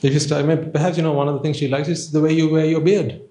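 A Buddhist teacher gives an informal dharma talk in a room with noticeable echo. His voice is on the high side, steady and mellow, and he speaks fast, keeping things conversational and playful with plenty of rhetorical questions.

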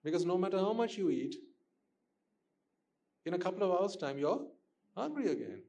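A man's voice: sits high, animated, normal speed, darkish tone. A man giving a Buddhist dharma talk to listeners, questioning them and repeating his points for emphasis. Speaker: Buddhist teacher.

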